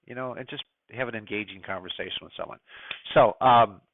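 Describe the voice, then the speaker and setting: A man's voice: fairly low pitch, brisk, slight background noise. A middle-aged man from the United States giving a casual, opinionated presentation to a ham radio club, full of fillers and asides. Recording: dry, phone-like narrow sound.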